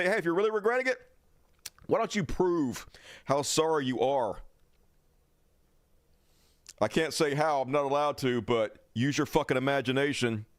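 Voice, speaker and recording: A man's voice: mid-range voice, expressive, moderate pace, long pauses, clear, resonant tone, no room sound, studio quality. A man hosting a livestream, delivering an angry, profane, sarcastic political rant. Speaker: livestream host.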